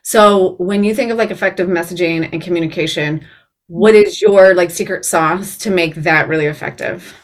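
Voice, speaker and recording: A woman's voice: fairly low pitch, moderate pace. An American woman in her thirties hosting a podcast, gushing and slangy in casual chat. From United States. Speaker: podcast host.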